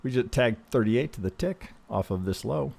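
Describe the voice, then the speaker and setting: A man walks through market charts in an easy, conversational way. He sounds calm and reassuring, stumbling over and restarting his words, and keeps tagging his points with "right?". His voice sits at an ordinary middle pitch for a man. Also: moderate pace, creaky. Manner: conversational, frequent restarts, ends thoughts with "right?". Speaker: trading analyst host. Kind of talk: casual chart analysis commentary.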